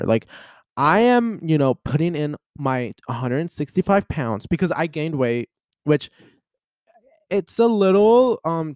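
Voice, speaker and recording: A man's voice: a little mellow, no room sound, clean studio sound. A man in his twenties talking on a casual solo podcast, rambling and venting with lots of fillers. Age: 20s. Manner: rambling and chatty, full of "like" and "you know" fillers; emotional and venting, with sudden jumps in pitch. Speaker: podcast host.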